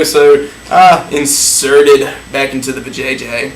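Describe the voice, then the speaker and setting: A man's voice: a little high, level tone, brisk, reverberant, a little hiss or hum, poor audio. A man telling a crude, profane comic story about a date, drawling and laughing at his own jokes.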